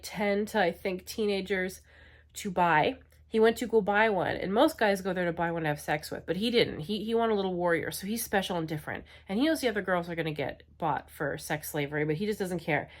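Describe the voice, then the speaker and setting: A young adult woman chatting casually as a book vlogger, frank and exasperated, rambling with lots of filler words. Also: mid-range voice. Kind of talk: casual book review chat.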